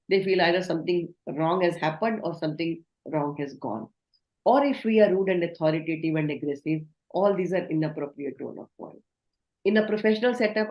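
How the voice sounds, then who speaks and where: A woman's voice: fairly low pitch, a little mellow, highs cut off. Woman trainer lecturing in a roomy space. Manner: instructive, asks the class questions. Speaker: communication trainer. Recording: roomy echo.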